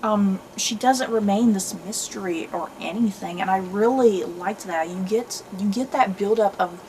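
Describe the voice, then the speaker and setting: A woman's voice: medium pitch, normal speed, a little mellow, a little hiss or hum, low-quality recording. A young adult woman hosting her channel, giving a casual, enthusiastic book review full of fillers and restarts.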